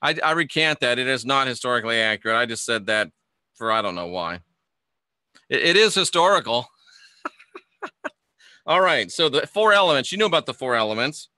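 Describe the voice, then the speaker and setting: A man's voice: medium pitch, animated, normal speed, long pauses, bright, forceful tone, no room sound, studio quality. A man hosting a casual livestream lesson, chatting with viewers and stumbling over his words. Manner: chatty, reads viewer comments aloud, stumbles and restarts. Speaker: livestream host teaching astrology.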